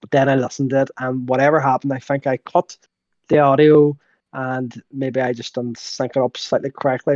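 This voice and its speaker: A man's voice: medium pitch, darkish tone, no echo, dull audio. A man co-hosting a podcast, rambling and stumbling through his points with a laugh. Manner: rambling, full of fillers and restarts, laughs. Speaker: podcast co-host. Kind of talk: casual podcast chat.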